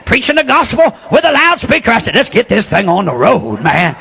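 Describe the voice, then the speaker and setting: An older man preaches, spinning a folksy story and building to shouted calls. His voice sits high and bright, with a sharp, forceful edge. Faint noise hums underneath. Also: huge pitch swings, a little fast, creaky. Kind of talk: sermon storytelling.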